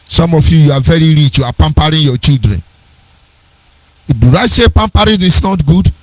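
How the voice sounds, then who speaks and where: A man's voice: a little high, expressive, normal speed, darkish tone, no room sound, poor audio. Earnest Nigerian man telling stories. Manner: digressive, earnest storyteller with sing-song emphasis. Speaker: speaker on a radio program. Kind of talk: personal storytelling talk.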